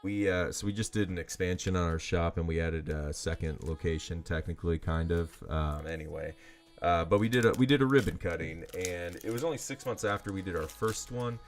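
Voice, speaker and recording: A man's voice: low voice, brisk. A man selling trading cards on a livestream in casual, rambling chat full of fillers. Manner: rambling and chatty, heavy on fillers. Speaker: livestream card seller.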